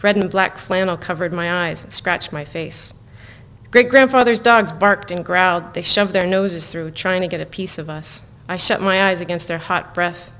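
A woman author reading her own novel aloud to listeners in an even, measured way, breaking off into casual asides full of fillers. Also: fairly low pitch. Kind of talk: live book reading with chatty asides.

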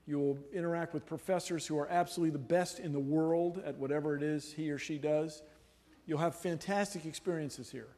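Animated joking man lecturing. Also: fairly high pitch, brisk. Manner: animated, jokey, playful voices and laughs. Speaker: guest lecturer. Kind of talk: humorous university lecture.

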